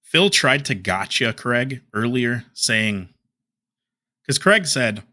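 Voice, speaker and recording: A man's voice: medium pitch, big pitch swings, slow, sharp tone, dry recording. A man delivering heated commentary as a YouTuber, ranting and trading insults.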